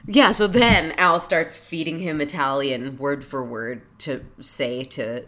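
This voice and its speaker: A woman's voice: low-pitched, takes it slowly, sharp tone. A woman co-hosting a podcast, retelling a TV scene in casual chat, laughing and acting out characters. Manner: laughing, storytelling, acts out characters. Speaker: podcast co-host. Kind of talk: casual chat recapping a TV episode.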